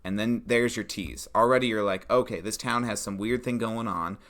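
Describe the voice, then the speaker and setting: A man with a bright, forceful voice pitched a little low, chatting casually as he plans a tabletop game. He talks in an animated way, acting out player reactions between fillers and restarts. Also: moderate pace. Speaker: podcast co-host designing a tabletop adventure. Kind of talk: casual brainstorming chat.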